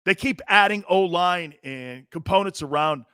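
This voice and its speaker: A man's voice: high voice, normal speed, bright, forceful tone, smooth, no echo, studio quality. A man hosting a sports talk show, delivering a brash, opinionated monologue full of rhetorical questions and slang.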